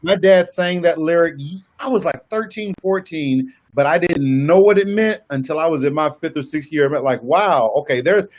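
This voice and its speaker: A man's voice: on the high side, normal speed, hardly any pauses. A man with a Southern US accent, a married guest giving earnest, testimonial advice in a casual church talk. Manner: earnest, testimonial, laughs easily.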